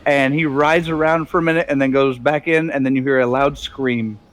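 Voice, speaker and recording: A man narrating a tabletop role-playing game as game master, animated and laughing often. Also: medium pitch, normal speed. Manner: animated, laughing often, puts on character voices.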